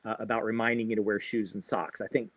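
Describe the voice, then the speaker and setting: A man's voice: lowish voice, fairly even intonation, quick pace, no echo. A man coaching runners on a livestream, upbeat and chatty, often adding "right?" to his points. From Florida. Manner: upbeat, chatty, repeats himself with many "right?" tags. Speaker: running coach. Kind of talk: livestream guest advice.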